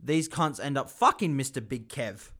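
A man's voice: mid-range voice, expressive, normal speed, a bit bright. A young man telling a crude improvised story among friends, swearing and laughing. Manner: swears a lot, laughs, does voices.

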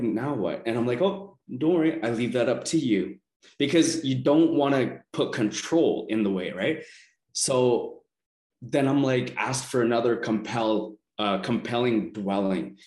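A man's voice: mid-range voice, a little mellow, echoey room. A man telling his personal story as a self-help coach, earnest and rambling, often restarting his sentences.

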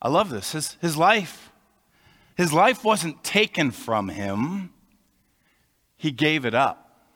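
A male pastor preaching a sermon, explaining in a conversational manner with measured pauses, recorded in a church. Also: on the high side, expressive, fairly bright tone. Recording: long reverb of a large hall.

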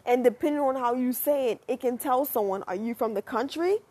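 A high-pitched young woman from the United States talks straight to camera in a loose, chatty monologue. Her voice is airy and a little husky, and she drifts between musing and animated asides, with the odd swear word. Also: a little fast. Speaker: vlogger.

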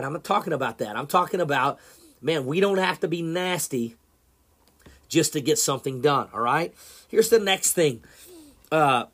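A man's voice: fairly high pitch, husky. A man preaching an informal sermon, talking casually with many fillers, repeated words and restarts. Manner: conversational and repetitive, with frequent fillers and restarts.

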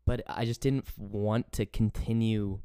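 Young man, English accent, casual podcast chat, smooth resonant voice, dry close sound. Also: fairly low pitch, fairly even intonation, unhurried, warm tone, dry recording. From England. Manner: casual, swears freely, laughs easily. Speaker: podcast host.

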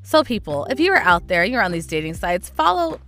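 Animated, exasperated woman podcast host. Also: medium pitch, fairly quick, soft background music. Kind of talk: casual storytelling monologue.

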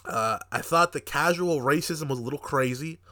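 A young man co-hosting a podcast, reviewing a movie in casual chat, animated and profane, laughing often and acting out quotes. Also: on the high side, moderate pace. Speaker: podcast co-host.

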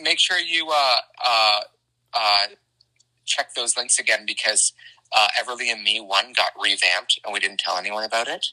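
Bright-voiced, rambling Canadian-born man. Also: on the low side, normal speed, poor audio. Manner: rambling, excitable, many fillers and restarts. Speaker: children's book author. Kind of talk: casual conversation.

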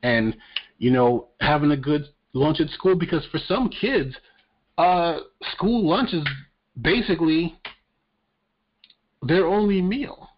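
A man's voice: fairly high pitch, lively intonation, slow pace, pauses often. A man hosting a podcast, talking casually about politics in a crude, profane, joking way. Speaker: podcast host. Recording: dull lo-fi audio.

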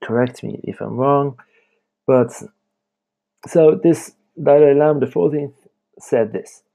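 A young man talking on his own podcast late at night from home, with a gravelly, dark-toned voice. He rambles from thought to thought in a loose, chatty way and laughs between sentences. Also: medium pitch, slow, pauses often. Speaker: podcast host. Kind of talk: casual late-night monologue.

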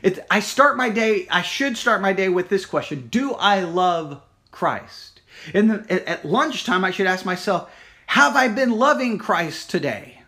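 A man giving a devotional sermon, earnest and searching, repeating his questions slowly. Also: high-pitched, bright, forceful tone. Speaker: pastor.

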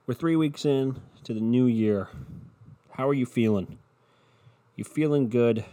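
A man's voice: medium pitch, measured pace, warm tone. A young man hosting a casual solo podcast from home, rambling and swearing with a sardonic edge. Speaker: podcast host. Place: at home in bed with his dog. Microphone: home podcast mic.

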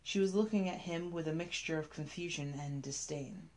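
A woman reading a scripted story aloud, telling it in a measured, even way. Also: low voice.

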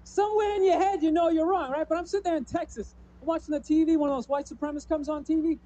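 Male comic, high voice with a mellow tone, loose rambling stand-up delivery. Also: steady tone, fast talker, dull audio, a little hiss or hum. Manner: loose, rambling delivery full of "you know" and "man". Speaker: stand-up comedian. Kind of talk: stand-up routine.

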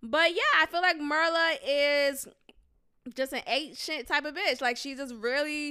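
Sassy, animated woman podcaster. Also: sits high, normal speed. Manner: animated, sassy, laughs often, mocking rhetorical questions. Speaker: podcast host. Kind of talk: solo podcast commentary.

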